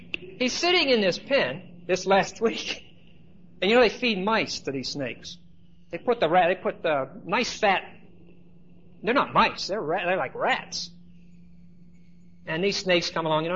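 Pastor, male, chatty storytelling preacher; a touch high-pitched, muffled old church tape. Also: fairly bright tone. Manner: conversational storytelling with asides to the congregation. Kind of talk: sermon.

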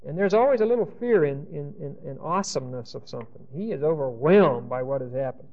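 A man's voice: a little high, expressive, quick pace, creaky. Man lecturing on scripture, lo-fi recording. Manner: checks in with frequent "Okay?"; thinking aloud with restarts. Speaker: Bible teacher. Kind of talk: classroom Bible lecture. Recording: dull lo-fi recording.

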